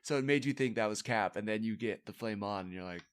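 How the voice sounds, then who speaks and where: A man's voice: on the low side, fast, clear, resonant tone. A man co-hosting a casual movie podcast, rambling and breaking off his sentences with many fillers. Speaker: podcast co-host.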